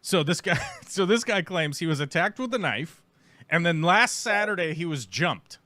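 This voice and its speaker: A man's voice: on the high side, animated, normal speed, pushed and bright, no echo. A man hosting a live stream, commenting on clips in a sarcastic, profane, mocking way.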